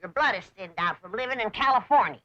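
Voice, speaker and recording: A woman's voice: mid-range voice, lively intonation, quick pace, bright, forceful tone. An actress playing a feisty, bossy old hillbilly grandmother with an Ozark hill accent, telling tall tales. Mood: scoffing. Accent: Ozark hill country. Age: older. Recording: muffled 1960s TV soundtrack.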